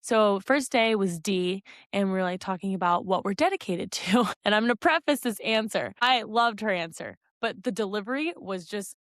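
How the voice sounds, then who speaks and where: A woman in her twenties, a podcast co-host and dance instructor, telling stories in casual chat, animated and full of "like". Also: mid-range voice, normal speed, hardly any pauses, no echo, studio quality. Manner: animated storyteller, lots of "like".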